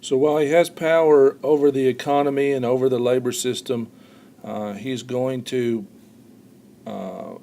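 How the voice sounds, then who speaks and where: A man with a gravelly, mellow voice walks students through a history lesson. He explains step by step, stopping on "uh" and doubling back on words. A faint hiss sits under the recording. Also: mid-range voice. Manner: explanatory, frequent "uh" fillers, repeats words. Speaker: history teacher. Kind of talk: recorded classroom lecture.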